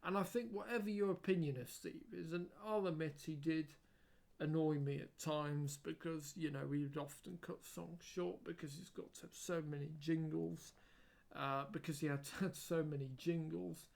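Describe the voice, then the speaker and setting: Guy doing a casual tribute vlog, kinda gravelly, lots of ums and restarts. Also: fairly high pitch, steady tone, moderate pace, darkish tone. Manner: hesitant, frequent ums and restarts. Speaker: video creator.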